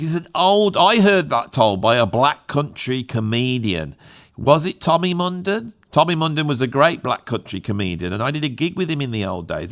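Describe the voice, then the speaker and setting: Casting: middle-aged English man, English accent, fairly high voice, easygoing rambler who tells funny anecdotes. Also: a bit bright. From England. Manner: jokey, digressive, storytelling. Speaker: YouTube host, drummer. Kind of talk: casual rambling monologue.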